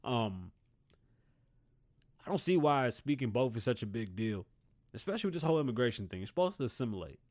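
A man's voice: mid-range voice, sing-song, brisk, pauses often, darkish tone. A man in his thirties from Puerto Rico, hosting a podcast with a blunt, heated, swear-heavy rant. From Puerto Rican. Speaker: podcast host. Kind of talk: casual profane rant.

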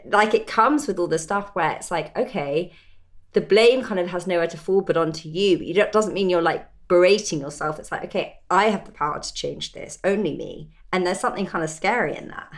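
A woman's voice: lowish voice, fairly quick. A woman hosting a casual conversation, reflective and thinking aloud as she talks.

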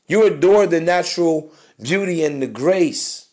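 A man's voice: fairly high pitch, unhurried, a little mellow. A man hosting a podcast, giving crude, swaggering dating advice in a preachy monologue. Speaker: podcast host.

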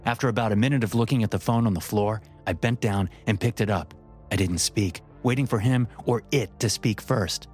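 Low-voiced man narrating horror. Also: fairly quick, darkish tone, soft background music. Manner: tense, first-person storytelling.

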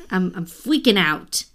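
Young woman, slightly low pitch, book podcast co-host, gushing, laughs a lot, reads excerpts aloud. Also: fairly bright tone. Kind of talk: casual book chat.

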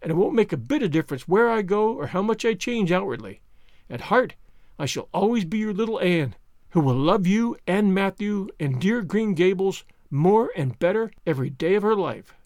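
A man's voice: high-pitched, expressive, moderate pace, a little mellow, no echo, clean studio sound. Male reader doing a tender young heroine, earnest and affectionate, storybook. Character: young woman, bright and tender-hearted.

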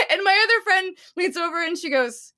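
A woman's voice: very high voice, expressive, normal speed, sharp tone. A woman co-hosting a podcast, chatting casually and rambling through long stories. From United States. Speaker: podcast co-host. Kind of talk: casual chat.

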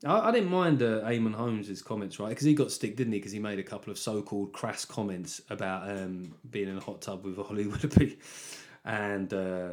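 A man's voice: fairly low pitch, normal speed, a little mellow. Rambling, sweary solo podcast man. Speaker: podcast host. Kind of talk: casual solo podcast monologue.

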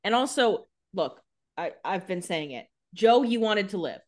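A woman's voice: mid-range voice, expressive, a little slow. A woman co-hosting a casual TV recap podcast, blunt and opinionated with casual swearing. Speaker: podcast co-host.

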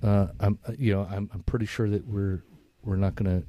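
A man with a somewhat low, mellow voice talks loosely and profanely as a podcast co-host. He rambles, restarts and laughs a lot. The sound is dry and close, with no room echo. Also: steady tone, a little fast. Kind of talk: casual recovery podcast chat.

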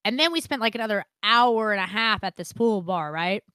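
A young podcast co-host with a clear, resonant, mid-range voice talks a little fast while animatedly telling a story on a casual show. She acts out what people said and swears plenty, and the recording is clean studio sound with no room echo.

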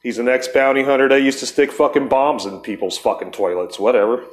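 A man's voice: medium pitch, fairly even intonation, fairly quick. Middle-aged male podcast host, casual and profane, rambling storyteller, mid-range voice.

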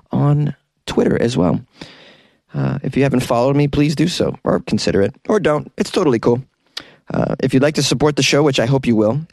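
A man's voice: medium pitch, vocal fry, a little mellow, dry recording. A man hosting a comedic news podcast, chatty and joking with wry asides. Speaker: podcast host.

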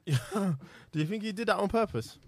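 A young man, bantering in casual podcast chat, animated and laughing often. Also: high voice, a little fast, dry recording, clean studio sound. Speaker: podcast co-host.

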